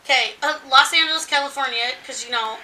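Woman, tipsy, giggly, swearing, casual chat, very bright voice, slightly distant mic. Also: high-pitched, fast, echoey room, slight background noise. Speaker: co-host.

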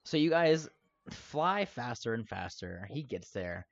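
A man's voice: medium pitch, very animated, a little slow, creaky. A young man narrating a tabletop game as game master, rambling with lots of fillers. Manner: rambling, filler-heavy, laughs easily. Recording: dull lo-fi recording.

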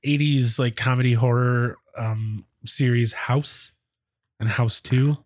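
A man's voice: mid-range voice, fairly even intonation, slow pace, dry recording, studio quality. A man co-hosting a podcast, chatting loosely with friends and rambling through stories with lots of restarts. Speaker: podcast co-host. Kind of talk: casual banter among friends.

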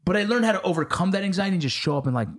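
Male podcast host, fast, slightly high voice, profane, animated storyteller. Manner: fast, profane, acts out the voices in his stories. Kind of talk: casual chat.

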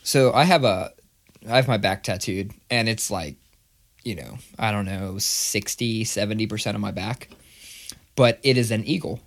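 A man's voice: fairly low pitch, normal speed. A man co-hosting a podcast, chatting casually and ranting with lots of swearing. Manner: profane, animated ranting storyteller. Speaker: podcast co-host. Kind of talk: casual chat. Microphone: studio microphone.

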